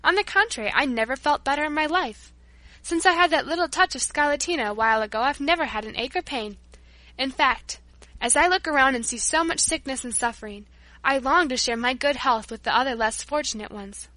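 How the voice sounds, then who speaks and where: A woman voicing Paula, a gentle, devout, cheerful young girl who talks in an earnest, sweet way. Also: sits high, a little fast, no echo.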